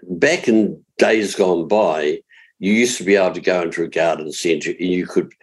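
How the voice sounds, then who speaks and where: A man's voice: sits low, moderate pace, breathy edge. An older man with a New Zealand accent giving chatty gardening advice on a radio talk show, explaining steps patiently and spelling words out. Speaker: gardening expert.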